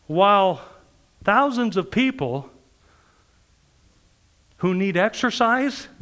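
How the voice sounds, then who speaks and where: A man preaching a sermon, telling stories and acting out the people in them, often laughing as he talks. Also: high voice. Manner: animated, acts out quoted people, laughs while preaching. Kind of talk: sermon storytelling.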